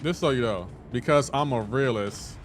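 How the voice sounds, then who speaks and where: A man's voice: mid-range voice, normal speed, faint music behind. A man streaming a game live, chatting casually and playfully indignant as he banters with his chat.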